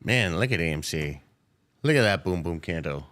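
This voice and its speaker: Extremely low in pitch yet lively and a bit bright, he talks at a measured pace. As a day-trading livestream host, he gives casual live market commentary, keeping things loose and playful with viewers and swearing freely.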